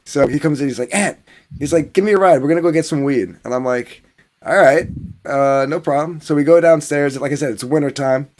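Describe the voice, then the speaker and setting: A man from New Jersey spins a long casual story, packing it with fillers, restarts and swearing. His voice sits a little higher than most men's. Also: steady tone, a little fast, a little mellow. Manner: rambling, filler-heavy, swearing. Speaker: podcast panelist.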